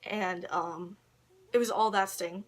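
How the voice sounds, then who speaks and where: A woman's voice: medium pitch, steady tone, takes it slowly. Woman, casual vlog storytelling, rambling, giggly, filler-heavy, bedroom, camera on a tissue box. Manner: rambling, giggly, full of ums and likes. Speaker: vlogger. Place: her own bedroom. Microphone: camera propped on a tissue box.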